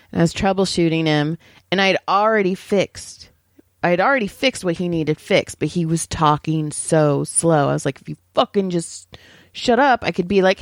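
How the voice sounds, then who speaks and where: A woman co-hosting a podcast, telling call center stories in a casual, animated way, swearing freely, laughing often and acting out the callers. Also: lowish voice, no room sound, studio quality. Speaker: podcast co-host. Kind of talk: casual storytelling chat.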